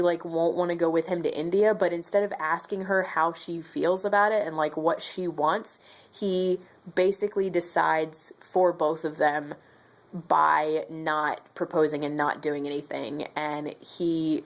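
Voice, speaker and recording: A young woman talks through a book she loved in a loose, rambling monologue. Her voice sits a little low, and she fills her sentences with ums and likes. She grows animated whenever she retells a scene. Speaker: book reviewer. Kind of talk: casual book review monologue.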